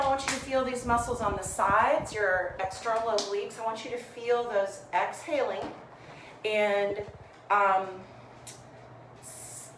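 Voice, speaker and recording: A woman's voice: a little high, a bit bright, recorded from a distance. Chatty woman coaching a home workout. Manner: chatty, apologetic about tech trouble, encouraging. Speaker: fitness coach. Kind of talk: live-streamed home workout instruction. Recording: echoey home room with faint background noise.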